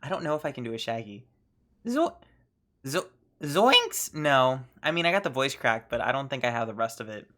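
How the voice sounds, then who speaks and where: Bright, giggly streamer chatting. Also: female voice, extremely low pitch, quick pace, hardly any pauses. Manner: giggly, rambling asides. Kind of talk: casual gameplay commentary.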